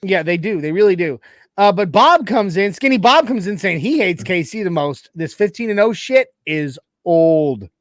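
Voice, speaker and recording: High-voiced chatty sports co-host man. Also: animated, normal speed, no room sound. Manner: emphatic, chatty, lots of restarts. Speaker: co-host reading chat. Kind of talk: casual sports talk.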